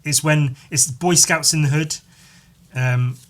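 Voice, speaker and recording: A man hosting a solo podcast, rambling in casual chat, swearing freely and filling pauses with "like" and "um". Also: on the high side, fairly even intonation. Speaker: podcast host.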